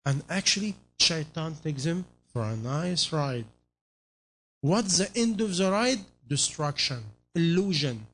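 A man's voice: a little high, animated, measured pace, a bit bright. A man preaching a sermon in non-native English phrasing, pressing his listeners with repeated rhetorical questions.

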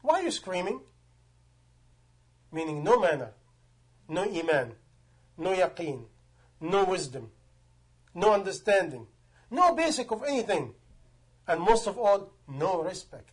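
High-voiced male preacher, emphatic. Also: sing-song, measured pace, long pauses, breathy edge. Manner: emphatic, rhetorical questions, non-native grammar. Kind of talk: sermon.

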